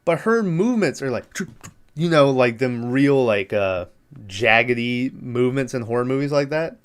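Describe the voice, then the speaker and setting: A man's voice: mid-range voice, expressive, normal speed, clean tone. A male podcast host casually recapping a film, rambling with lots of fillers, laughing and acting out the characters' lines.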